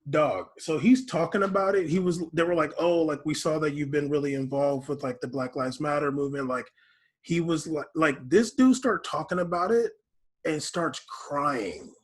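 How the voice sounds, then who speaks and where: Husky-voiced man rambling on a podcast. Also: on the high side, moderate pace. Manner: rambling, full of fillers and restarts. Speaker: podcast co-host. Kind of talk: casual podcast chat.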